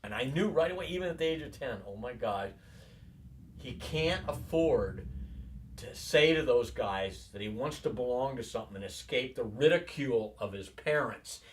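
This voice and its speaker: A man's voice: medium pitch, fairly quick, hardly any pauses, recorded from a distance, a little hiss or hum. A man in his sixties telling long personal stories in a rambling way, acting out the voices of people he quotes. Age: 60s. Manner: animated, acts out quoted voices. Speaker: interviewee.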